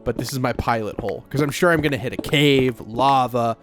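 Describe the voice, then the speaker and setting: A man's voice: medium pitch, a little fast, over music. Rambling man narrating his gameplay. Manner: rambling, self-talking, with many filler words. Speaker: Let's Play creator. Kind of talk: casual gameplay commentary.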